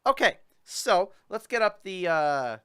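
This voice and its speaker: A man's voice: sits high, sing-song, slow pace, bright, forceful tone, clear, resonant tone. A young man hosting a casual livestream chat, rambling and joking with his viewers. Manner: chatty, rambling, jokey with playful fake sobbing. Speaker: host.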